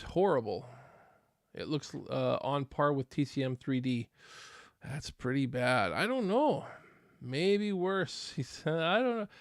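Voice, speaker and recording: A man's voice: medium pitch, creaky, no echo, clean studio sound. Easygoing man hosting a live stream. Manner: rambling, easygoing, chatty with many restarts. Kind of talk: casual live stream reaction chat.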